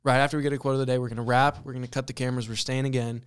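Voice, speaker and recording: A man's voice: medium pitch, flat delivery, racing, smooth, no room sound. Young male podcast host, mid-range voice, slangy jokester, dry room. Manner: joking, slangy banter. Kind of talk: casual chat.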